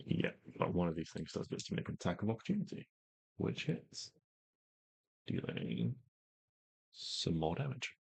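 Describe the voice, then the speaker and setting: A man with a low voice runs a tabletop game. He explains the rules casually and fills his talk with words like "basically". The sound is dry and close. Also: normal speed, creaky, pauses often, slightly rough, no echo. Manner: relaxed, explains rules with many fillers. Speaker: game master.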